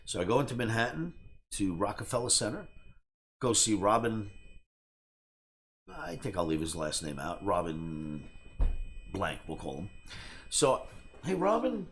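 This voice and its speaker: A trading teacher with a lowish male voice tells a story with big swings in pitch. He is brash and boastful and acts out every other character in it. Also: animated, measured pace, pauses often, fairly bright tone. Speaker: trading educator.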